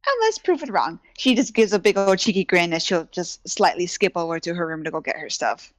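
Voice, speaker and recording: A woman's voice: fairly low pitch, a little fast, no echo. A woman describing her character's actions in a casual tabletop role-play game. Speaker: player.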